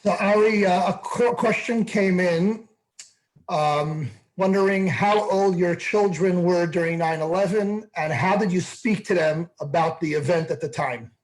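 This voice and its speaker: Man, moderator, reading an audience question, hesitant, high voice, video call. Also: unhurried, low-quality recording.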